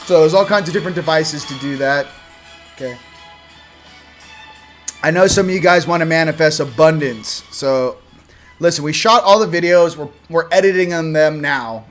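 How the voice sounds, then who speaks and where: A man hosting a spiritual channel, from Southern California, speaks casually and directly to camera with plenty of laughter and energy, shifting from quiet to loud. He has a fairly high-pitched voice.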